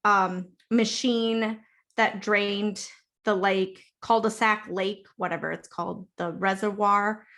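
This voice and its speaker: A woman co-hosting a casual movie review podcast, laughing often and acting out characters in quick funny voices. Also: medium pitch, fairly even intonation, a bit bright. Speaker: podcast co-host.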